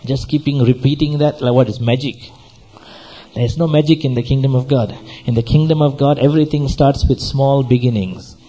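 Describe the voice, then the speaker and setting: A man's voice: medium pitch, moderate pace, warm tone, breathy edge, low-quality recording. A man preaching a sermon as pastor, exhorting and repeating himself, often asking his listeners questions. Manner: exhorting, repetitive, asks the audience questions.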